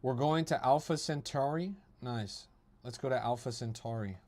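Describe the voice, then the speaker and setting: A man's voice: mid-range voice, moderate pace, a little mellow. A young man hosting a crypto livestream, reading his chat aloud and mocking it with a profane, ranting manner.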